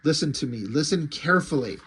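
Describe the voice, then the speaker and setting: A man voicing a calm old male spirit mentor in a casual retelling. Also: on the high side, fast talker, husky. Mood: grave. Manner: grave and calm.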